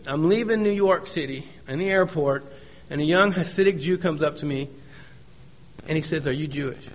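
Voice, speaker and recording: A middle-aged man shares his recovery story with a meeting, in a folksy, joking way. He leans on repeated phrases for emphasis, and his voice sits a little high for a man. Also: fairly bright tone. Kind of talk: personal testimony talk.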